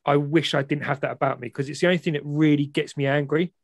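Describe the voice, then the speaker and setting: Brief: male podcast guest, slightly high, fast, dry close sound, direct. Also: fairly even intonation, no room sound. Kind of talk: casual chat.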